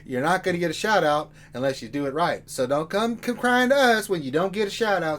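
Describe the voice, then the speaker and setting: A man's voice: high voice, a little fast, hardly any pauses, a bit bright. A man co-hosting a game livestream in casual chat, joking and talking straight to his viewers in a rowdy way. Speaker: livestream co-host.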